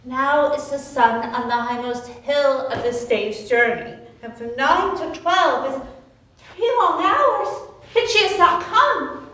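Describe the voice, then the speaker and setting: An eager young girl in love, impatient and pleading, played by a woman on stage. The voice is very high. It is caught from far away on a camera mic, with heavy echo and a faint hiss. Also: animated, slow pace, sharp tone, full character voice. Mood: restless. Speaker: stage actor. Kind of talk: live outdoor Shakespeare performance. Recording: echoey, distant camera mic, faint noise.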